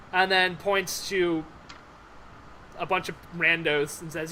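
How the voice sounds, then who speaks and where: A man's voice: on the high side, a bit bright, rough recording. A man running a tabletop game as game master, hesitant and full of ums. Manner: hesitant, lots of ums, quick to laugh.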